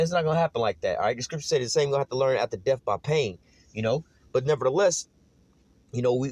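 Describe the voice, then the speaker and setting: A man delivers a fervent, slang-heavy street sermon at a quick clip, dropping curses as he goes. His voice sits dry and close, with no room around it. He keeps checking in with "you know what I'm saying" and rises into loud, high-pitched shouting when he gets fired up. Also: dry recording. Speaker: preacher.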